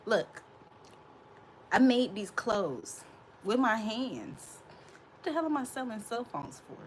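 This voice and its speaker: In a hot room, a thirtysomething woman runs a casual livestream, answering her chat with sass and laughter. She talks at a slow pace in a fairly high, sing-song voice, and there's slight background noise.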